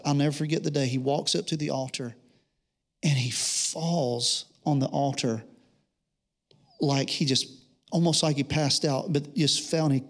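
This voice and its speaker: Man, preacher, sermon testimony, earnest storytelling, slightly high pitch. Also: vocal fry. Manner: earnest storytelling, quoting others in dialogue.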